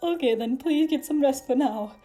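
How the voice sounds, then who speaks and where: A woman's voice: high-pitched, moderate pace, soft background music, natural voice. Kind old grandpa, read by a woman. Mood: caring. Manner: gentle, caring.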